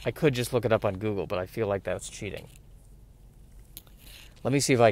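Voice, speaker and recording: A man's voice: on the low side, brisk, long pauses, a little mellow. A man doing a solo comedy podcast monologue, rambling and mocking himself while he struggles to remember a name. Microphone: podcast mic.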